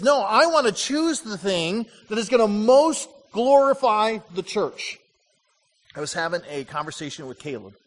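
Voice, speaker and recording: A man preaching from the pulpit, middle-aged and high-voiced. He tells stories and drives home short repeated lines, and his words ring out with a long reverb through the church hall. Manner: animated storytelling with punchy repeated lines. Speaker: pastor. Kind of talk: sermon.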